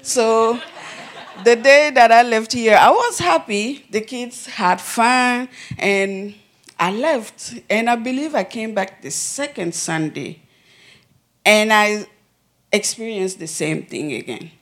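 A woman giving an earnest, halting personal testimony in church, laughing softly now and then. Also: on the high side, animated.

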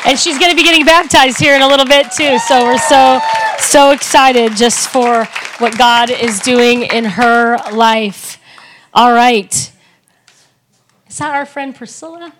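A woman's voice: sits high, unhurried. A woman hosting a church service, upbeat and encouraging as she calls people up. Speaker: church host. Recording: noisy church hall with crowd.

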